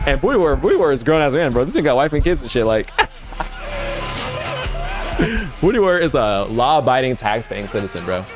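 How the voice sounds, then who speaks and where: Man, streamer, casual reaction talk, slangy and laid-back, middling pitch, music playing behind. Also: huge pitch swings, normal speed, long pauses.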